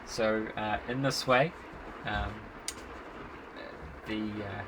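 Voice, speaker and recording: A man telling a devotional story in a relaxed way, with frequent fillers and soft chuckles. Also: on the low side, extremely slow, noisy background.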